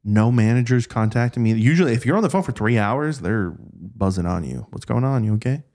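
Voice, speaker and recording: A man's voice: mid-range voice, a little fast. A man casually telling stories from an old job, acting out the people he quotes. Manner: animated, acts out quoted voices. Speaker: podcast guest recounting work stories. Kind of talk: casual storytelling chat.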